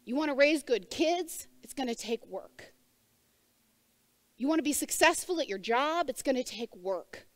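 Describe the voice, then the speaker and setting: A woman preaches to her church in a high, bright register, speaking at an unhurried, deliberate pace. Her voice is close and dry with almost no room sound. Her sermon is conversational and she asks the congregation direct questions. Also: lively intonation, no room sound. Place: church service before a congregation.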